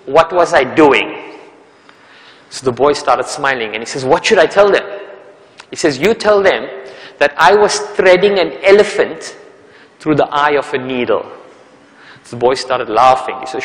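A man's voice: on the high side, normal speed. Man telling a story in an echoing hall. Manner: animated storyteller, acts out characters' lines; repeats words for emphasis, asks "okay?" and "right?". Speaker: performance coach giving a talk. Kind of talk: motivational talk with storytelling. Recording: hall reverb.

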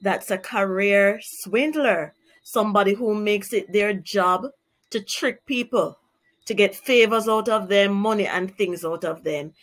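A woman teacher with a Jamaican accent who reads a children's story aloud and then explains words clearly and carefully. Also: mid-range voice, a little slow. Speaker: primary school teacher. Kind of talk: children's read-aloud and vocabulary lesson.

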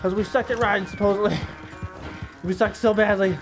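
Excitable profane young gamer. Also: male voice, high voice, brisk, over music, low-quality recording. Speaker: let's play gamer. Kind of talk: gameplay commentary.

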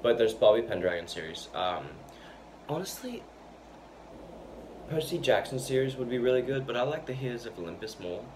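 A man's voice: medium pitch, animated, moderate pace, long pauses, darkish tone. Stuttering man chatting to camera. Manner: stutters and repeats words; loose, chatty, full of fillers and restarts. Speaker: vlogger. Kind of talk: casual rambling talk to camera. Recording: noisy background hiss.

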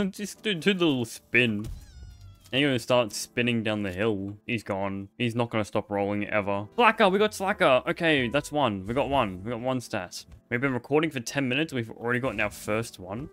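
A man's voice: medium pitch, fairly quick, a bit bright, soft background music. Playful young man commenting on gameplay. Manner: playful, jokey, chatty with the game creatures. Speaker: gaming video host.

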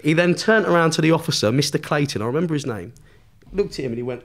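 A man's voice: a little high, animated, fast. A man, a podcast guest telling a story in casual chat, swearing constantly and laughing as he goes.

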